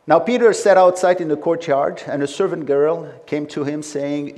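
A man's voice: on the high side, fairly even intonation, moderate pace, darkish tone. A man preaching a sermon with emphatic delivery and frequent conversational asides.

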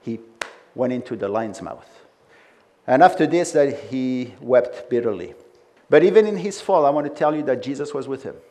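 A man's voice: mid-range voice, animated, normal speed, darkish tone. A man preaching a sermon with emphatic delivery and frequent conversational asides.

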